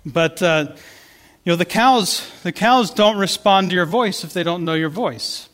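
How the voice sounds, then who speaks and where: Male pastor, conversational storyteller, fairly high voice, reverberant church hall. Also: measured pace, fairly bright tone. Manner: storytelling, conversational with many restarts. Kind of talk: sermon.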